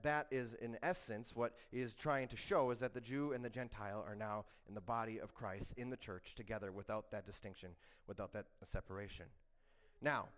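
Male pastor, mid-pitch, casual teaching sermon with frequent restarts. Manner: conversational, frequent restarts and rhetorical "right?".

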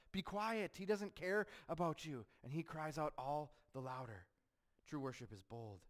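Man preaching a sermon. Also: medium pitch. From United States. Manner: preaching with rhetorical questions, acting out voices of critics. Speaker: pastor.

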